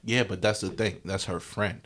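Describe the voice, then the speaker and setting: A man's voice: lowish voice, steady tone, normal speed, fairly bright tone, slight background noise. A young man co-hosting a podcast, joking and bragging in slangy casual banter and acting out quotes. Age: young adult. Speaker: podcast co-host.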